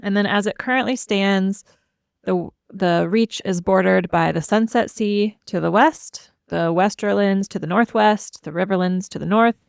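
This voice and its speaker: A woman co-hosting a podcast, walking through a fantasy kingdom's lore in a playful, lightly humorous way. Her voice has a noticeable gravelly fry at a middle pitch. The sound is dry and close to the mic. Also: normal speed, dry recording. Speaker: podcast co-host. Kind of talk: casual chat presenting fantasy lore.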